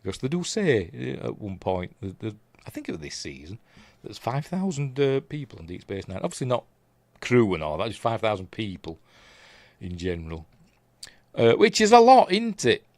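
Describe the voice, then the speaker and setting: Rambling Yorkshire man, low voice. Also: huge pitch swings, normal speed, a little mellow, no room sound. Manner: rambling, chatty, lots of fillers and trailing asides. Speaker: streamer reviewing TV episodes. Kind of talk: casual live-stream chat.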